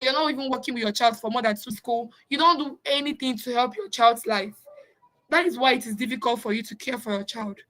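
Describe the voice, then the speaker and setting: A woman's voice: on the high side, a little fast, fairly bright tone, rough recording. A woman teaching parents of children with special needs, in an earnest, repetitive way. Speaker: parenting coach. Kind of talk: informal teaching talk.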